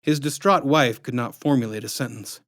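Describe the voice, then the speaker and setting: A man reading his own storybook aloud with expressive, dramatic narration. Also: mid-range voice, normal speed, no room sound, clean studio sound.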